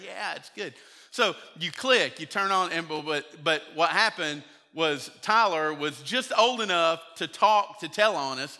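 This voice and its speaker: A man's voice: on the high side, unhurried, pushed and bright. A man, preaching a sermon to his church in a conversational storytelling way and acting out the voices of people he quotes. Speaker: pastor. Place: church sanctuary. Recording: church hall reverb.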